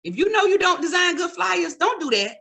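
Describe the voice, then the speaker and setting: A middle-aged woman works through a stand-up comedy set, scolding and teasing her audience with sassy asides. Her voice sits high and rings bright and sharp. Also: very animated, a little fast, gravelly.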